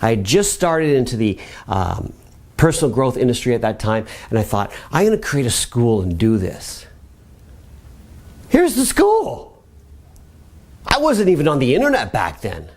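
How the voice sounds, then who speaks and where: A middle-aged man teaching a motivational web lesson on personal growth, coaching the listener with energetic, repeated commands. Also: mid-range voice, brisk. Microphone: camera mic.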